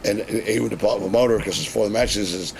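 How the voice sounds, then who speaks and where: A middle-aged man, a wrestling veteran telling profane, animated stories in a casual interview. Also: lowish voice, quick pace, gravelly. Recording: noisy background.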